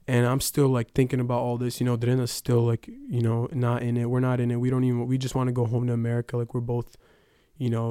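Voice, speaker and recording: Young man telling a testimony, mellow, smooth. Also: mid-range voice, dry recording, clean studio sound. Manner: casual storytelling with many fillers. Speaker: testimony speaker. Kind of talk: personal testimony.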